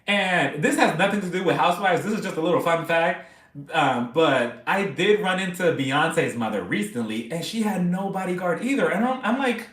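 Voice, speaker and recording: A man hosting a casual live stream, chatting excitably and gossiping about reality TV between laughs. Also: fairly high pitch, a little fast, echoey room.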